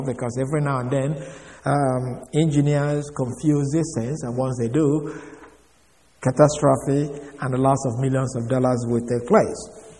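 A man preaching a sermon, explaining words in a slow teaching manner with pauses and fillers. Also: medium pitch, a little mellow. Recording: long hall reverb.

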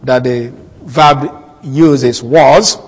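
Slow, methodical male Bible teacher. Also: medium pitch, breathy edge, long reverb tail. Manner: methodical, explains points step by step.

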